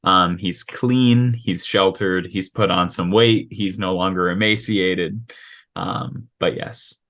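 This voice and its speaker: A man acting as game master, describing a character with many ums and pauses over a video call. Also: low-pitched, steady tone, vocal fry, a bit bright. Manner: hesitant, many ums and restarts.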